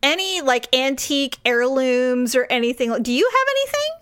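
A woman's voice: high-pitched, moderate pace, clear, resonant tone. A woman in her forties co-hosting a podcast, chatting casually with her sister and telling stories with lots of laughter. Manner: animated, laughing storyteller. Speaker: podcast co-host. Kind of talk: casual chat with a sibling.

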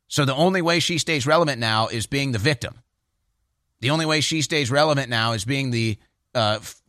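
A man's voice: medium pitch, sharp tone, no room sound, clean studio sound. A man hosting a political talk show, delivering opinionated commentary with a mocking, sarcastic edge.

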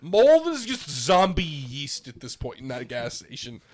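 A man with a slightly high voice trades wry, profane remarks with friends. He keeps a dry, deadpan tone. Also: measured pace. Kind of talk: casual chat.

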